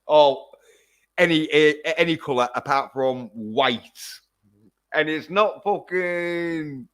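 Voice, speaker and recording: A man's voice: a little high, takes it slowly, a bit bright, clear, resonant tone. A man giving a casual, rambling film review on a livestream, swearing constantly as he talks. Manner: rambling and heavily profane.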